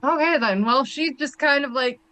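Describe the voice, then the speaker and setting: A woman's voice: high-pitched, moderate pace, pushed and bright, poor audio. A woman playing a tabletop game, talking hesitantly and giggling between her turns. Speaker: player.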